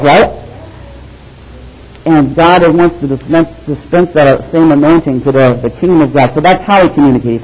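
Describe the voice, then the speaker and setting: A man preaching a sermon, animated and storytelling, with quick asides. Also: fairly high pitch, breathy edge, poor audio. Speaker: pastor.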